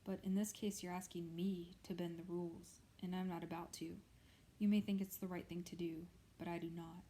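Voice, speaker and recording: A woman's voice: on the low side, little pitch movement, normal speed, dark tone, lightly acted. A woman voicing a stern middle-aged male prison warden, firm and clipped, in a storybook reading.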